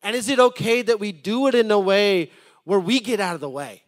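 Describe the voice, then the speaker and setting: A man's voice: sits high, a little fast. Impassioned man preaching a sermon. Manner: swings from loud appeals to soft, hushed storytelling; repeats words when starting a thought. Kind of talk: sermon with storytelling.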